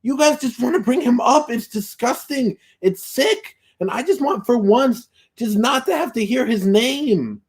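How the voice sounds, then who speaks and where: Animated streamer, mock-outraged. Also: male voice, extremely high pitch, a little slow, hardly any pauses. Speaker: streamer reacting to a recorded show. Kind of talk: casual live-stream commentary, reading super chats.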